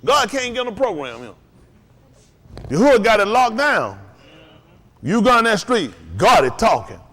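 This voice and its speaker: A man preaching to a congregation, calling out to them and rising to shouts. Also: high voice. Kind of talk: sermon.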